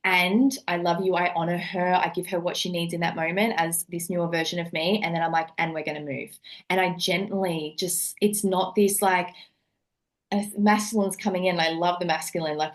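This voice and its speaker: Woman coach on a podcast, earnest, keeps repeating words to drive it home. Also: lowish voice. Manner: earnest, repeats phrases for emphasis. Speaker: guest, neuropsychologist and coach. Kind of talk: podcast conversation.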